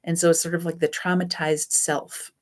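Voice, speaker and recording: A woman's voice: on the low side, flat delivery, moderate pace. A woman teaching a self-help class on codependency in a loose, chatty way, often correcting herself. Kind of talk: spoken self-help lesson.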